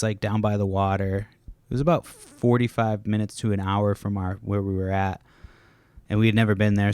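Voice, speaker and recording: Recording at home with kids nearby, a man hosts a casual solo podcast, rambling, swearing often, and breaking off mid-sentence to start over. His voice sits on the low side and sounds smooth, and the recording is dry.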